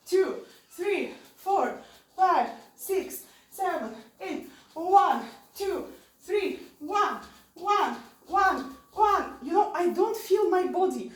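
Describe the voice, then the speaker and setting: A woman teaching an online dance class in non-native English, giving repetitive cues and counting out the moves. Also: high voice. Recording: roomy studio, voice from a distance, music behind.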